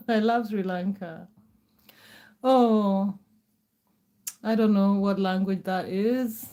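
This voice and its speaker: A woman's voice: medium pitch, steady tone, extremely slow, pauses often, dark tone. Chatty middle-aged woman from Kenya. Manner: chatty, reassuring, repeats words. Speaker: live streamer. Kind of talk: casual live-stream chat reading comments.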